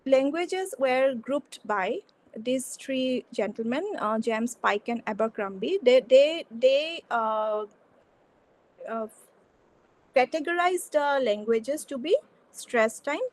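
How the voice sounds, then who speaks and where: High-pitched woman giving a hesitant lecture. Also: lively intonation, a little slow, low-quality recording. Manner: hesitant, repeats words and restarts often. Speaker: workshop lecturer. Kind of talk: academic lecture.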